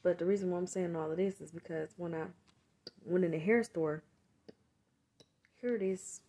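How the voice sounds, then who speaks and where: A woman telling a story straight to her viewers in a casual vlog, cursing freely and swinging from muttered asides to loud, heated outbursts. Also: fairly low pitch, normal speed. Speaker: vlogger and mother.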